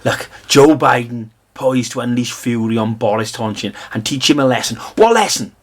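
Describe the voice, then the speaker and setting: A man from Britain giving an angry, scornful political rant, swinging between loud outbursts and low mutters. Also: steady tone, normal speed. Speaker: political commentator.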